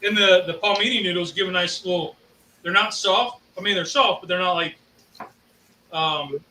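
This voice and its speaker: A man's voice: high voice, moderate pace, pushed and bright. A man hosting a casual cooking show, chatting easily while he eats. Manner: easygoing, chatty, laughs often. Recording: echoey room, mic at a distance, faint noise.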